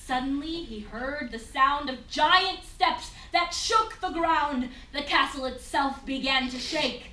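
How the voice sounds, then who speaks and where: A woman narrating a rhyming story in a lively sing-song way for a stage skit. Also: sits high, slow. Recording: echoey room from far off.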